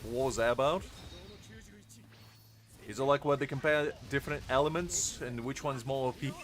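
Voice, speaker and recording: A man's voice: medium pitch, moderate pace, a bit bright. A tired man streamer in casual live-stream chat, joking and answering his chat. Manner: jokey, laughs often, reads chat aloud. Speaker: game streamer.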